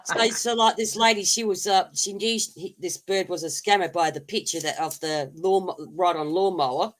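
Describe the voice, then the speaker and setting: A woman's voice: on the low side, moderate pace. A woman with an Australian accent hosting a casual live chat, telling a long story with many fillers and restarts. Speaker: host.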